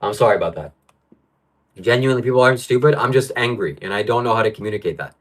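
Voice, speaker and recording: A man hosts a livestream from home, reading viewer comments aloud and ranting about them in frustration. His voice is mid-range and he talks fast.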